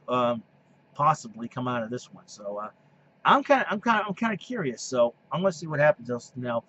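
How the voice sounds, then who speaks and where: A man's voice: mid-range voice, a bit bright, a little hiss or hum. A man hosting a solo sports and wrestling podcast. He rambles and restarts his sentences, then slides into heated rants that scold opposing fans. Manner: rambling, repeats himself and restarts. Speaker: podcast host. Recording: dull lo-fi recording.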